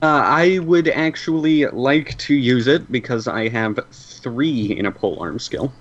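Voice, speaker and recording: A man playing in a tabletop role-playing game, asking questions in a slow, laid-back way. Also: medium pitch. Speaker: player. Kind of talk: casual chat in a tabletop game. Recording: dull lo-fi mic.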